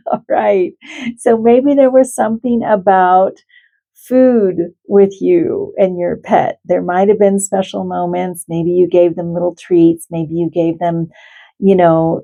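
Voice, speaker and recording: A woman animal communicator speaks to her viewers in a heartfelt, reassuring way during a spiritual card reading. Her voice is warm and mellow. She talks slowly and gently. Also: fairly low pitch, level tone, vocal fry, rough recording. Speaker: animal communicator and tarot reader.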